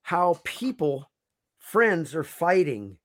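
Earnest, slightly high-voiced male guest. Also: very animated, slow, dry recording, clean studio sound. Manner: earnest and concerned, long explanations with restarts. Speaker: podcast guest. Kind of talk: casual interview chat.

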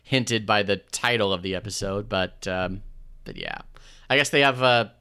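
Bright, clear-voiced man recapping casually. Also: lowish voice, normal speed. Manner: laid-back, many fillers and restarts, laughs often. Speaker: podcast co-host. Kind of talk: casual chat recapping a show.

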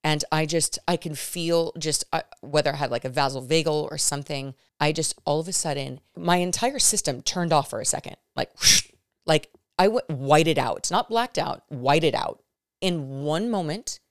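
A woman in her thirties hosting a podcast, retelling a frightening experience in an animated, emphatic way, often turning to her listeners. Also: low voice, normal speed, no echo, clean studio sound. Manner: animated, emphatic retelling with many restarts, addressing listeners directly. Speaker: podcast host. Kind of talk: storytelling monologue to viewers.

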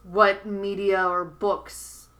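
A woman's voice: medium pitch, little pitch movement, drawn-out words, a bit bright, low-quality recording. A woman interviewing a game master in a casual chat, often restarting her questions hesitantly.

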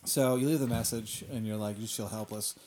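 A man's voice: fairly low pitch, fairly even intonation, fairly quick, very noisy. A man spins an improvised comic story for a listener. His delivery is loose, filler-heavy, and often breaks into laughter. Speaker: game-style storyteller. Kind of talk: improvised comedy narration.

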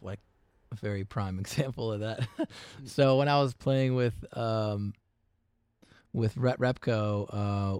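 A man chatting easily as a musician guest, telling stories with lots of fillers and quick laughs. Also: on the low side, a little mellow, smooth, no room sound. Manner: easygoing, laughs often, many fillers and restarts. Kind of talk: casual interview chat.

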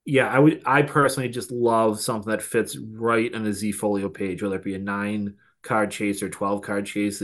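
A man with a Boston accent, a guest on a podcast, explaining things animatedly in quick bursts. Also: on the low side. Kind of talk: casual podcast chat.

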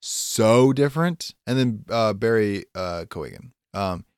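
Laid-back young man, lowish voice. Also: expressive, takes it slowly, clear, resonant tone, no room sound, studio quality. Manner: laid-back, uses "dude", trails off. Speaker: podcast co-host. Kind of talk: casual chat.

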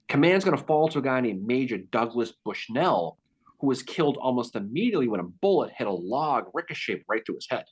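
A man hosting a podcast, telling a Civil War battle story in a casual, animated way. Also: mid-range voice, breathy edge. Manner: animated, acts out quotes. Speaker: podcast host.

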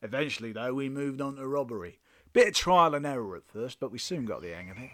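A man playing a cocky, cheeky highwayman telling his story in a comedy sketch. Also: expressive, quick pace, fairly bright tone, no echo, studio quality, natural voice. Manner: boastful, cheeky. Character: cocky roguish male highwayman.

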